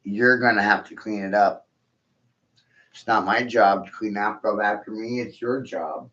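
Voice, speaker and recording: A man's voice: on the low side, a little slow, a bit bright. A man in his forties delivering a crude, profane, rambling monologue in a mocking tone. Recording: echoey room, dull lo-fi sound.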